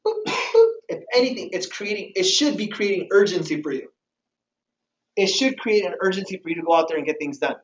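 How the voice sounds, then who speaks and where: A man giving an energetic motivational sales training talk to a live audience, often firing questions at the room. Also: high-pitched, fairly quick. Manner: energetic, keeps quizzing the audience. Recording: roomy, distant, dull hall recording.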